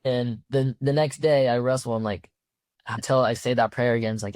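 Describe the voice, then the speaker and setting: Young college wrestler, rambling and casual. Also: male voice, medium pitch, fairly even intonation, normal speed, a little mellow, no room sound. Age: young adult. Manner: loose, rambling with many fillers and restarts. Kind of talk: casual storytelling.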